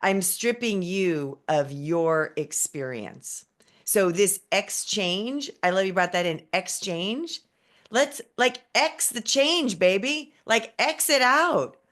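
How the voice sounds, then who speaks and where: Slow, musing woman host, low voice. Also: fairly bright tone. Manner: slow, musing and affectionate, calls people baby. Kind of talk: spiritual conversation.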